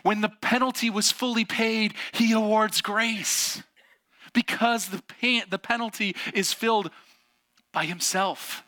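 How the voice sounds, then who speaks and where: A man's voice: high-pitched, fairly even intonation, a little slow, sharp tone. A man preaching a sermon with a personal story, emphatic and asking rhetorical questions. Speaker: pastor.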